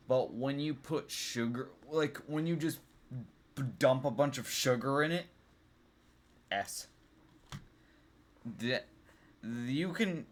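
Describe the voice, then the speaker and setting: A man's voice: mid-range voice, fairly bright tone. A young man talking casually as he ranks things, rambling with many ums and restarts. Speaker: vlogger. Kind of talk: casual tier-list ranking chat.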